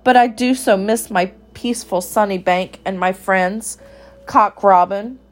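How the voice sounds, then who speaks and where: A woman voicing a timid, homesick little male country mouse in a storybook, speaking gently and plaintively. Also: mid-range voice, measured pace, lightly acted.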